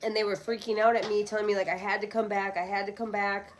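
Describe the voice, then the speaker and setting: A woman's voice: mid-range voice, little pitch movement, fast talker, a little hiss or hum, rough recording. A woman in her thirties, a podcast guest talking candidly and bluntly, with rambling asides and frequent swearing. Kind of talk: candid casual conversation.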